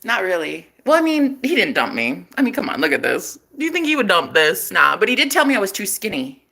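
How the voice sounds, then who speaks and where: Sassy, bright-voiced woman vlogger. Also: mid-range voice, very animated, brisk, gravelly. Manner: sassy, profane, dramatic storytelling. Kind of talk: casual chat to camera.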